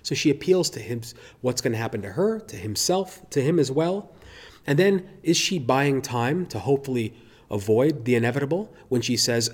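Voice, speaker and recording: A man's voice: mid-range voice, lively intonation, normal speed, a little mellow, breathy edge. Earnest male preacher asking questions. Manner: earnest, reflective, many rhetorical questions. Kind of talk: sermon.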